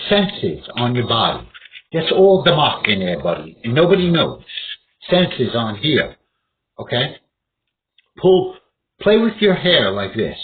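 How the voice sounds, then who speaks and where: A man giving rambling, profane instruction on fighting techniques, often acting out an opponent's startled outbursts. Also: medium pitch. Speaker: martial arts instructor. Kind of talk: rambling casual instruction to camera. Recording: tinny phone-like sound with faint noise.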